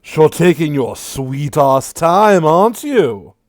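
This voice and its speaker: A man voicing a mocking male demon lord of lies who taunts in a gleeful, drawn-out sneer, loud and high. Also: expressive, no room sound, studio quality. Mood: taunting.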